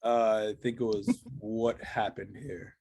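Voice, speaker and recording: Man, tabletop player, halting, playful, lowish voice. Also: steady tone, mellow, breathy edge. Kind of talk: tabletop game play.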